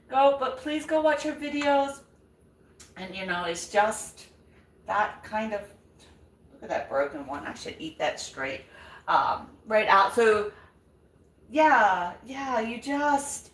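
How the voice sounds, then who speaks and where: An older woman cooks in her home kitchen as she hosts a live vlog, chatting and encouraging those watching. Her voice is mid-range with a fairly bright tone, captured far from the mic in an echoey room.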